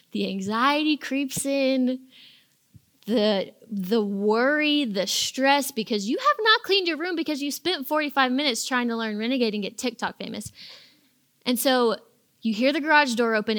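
A young adult woman giving a casual storytelling talk to teens, animated and acting out little quoted lines as she goes. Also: high voice, a little slow. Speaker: speaker addressing teens.

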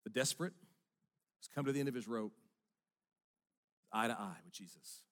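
An earnest middle-aged man preaches a sermon at an average pitch. He drops to near-whispered lines, then pushes hard on the points he stresses. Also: moderate pace. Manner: earnest, swings from hushed to emphatic. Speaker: pastor.

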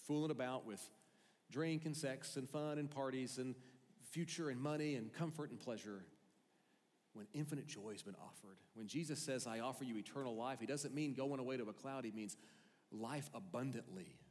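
A male pastor preaching a sermon, earnest and conversational, with animated storytelling. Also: mid-range voice, normal speed. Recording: long hall reverb, faint music.

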